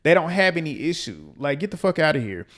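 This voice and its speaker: A man hosting a reality TV recap, ranting in a blunt, profane, animated way and repeating lines for emphasis. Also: on the high side, a little fast. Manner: quotes people in mimicking voices. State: out of breath. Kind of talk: casual commentary recap.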